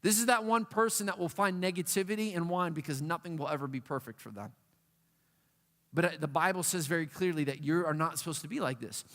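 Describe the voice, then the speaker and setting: A man preaching to a youth group, animated and playful, acting out a whining dog and other whiny voices. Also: fairly high pitch, fairly quick. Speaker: youth pastor. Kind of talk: youth sermon. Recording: long hall reverb.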